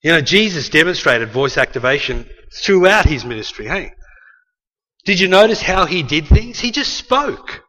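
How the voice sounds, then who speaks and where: A man's voice: fairly high pitch, animated, moderate pace, pushed and bright. A man preaching a sermon to a congregation in an emphatic manner, repeating key phrases and acting out quotes. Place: church hall with a live congregation. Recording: long reverb of a large hall.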